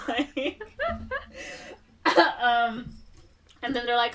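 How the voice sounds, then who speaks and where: A woman's voice: fairly high pitch, slow, pauses often, far from the mic. Chatty young woman retelling a film. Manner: animated retelling, acting out characters' lines with laughs and fillers. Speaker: podcast co-host. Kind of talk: casual movie recap chat.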